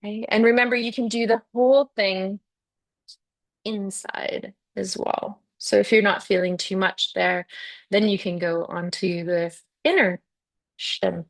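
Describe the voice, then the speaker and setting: A woman's voice: medium pitch, fairly even intonation, a little slow, gravelly. A middle-aged woman leads a yoga class in a chatty, encouraging way. She talks students through each movement and fills the gaps with easy "yeah"s and "okay"s. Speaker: yoga teacher. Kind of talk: live guided yoga class.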